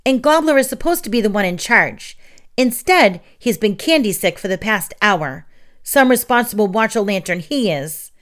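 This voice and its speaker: A woman's voice: mid-range voice, lively intonation, normal speed, fairly bright tone, voice pushed up, close to an everyday voice. A woman voicing an eleven-year-old girl witch who is anxious and complaining. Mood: frustrated.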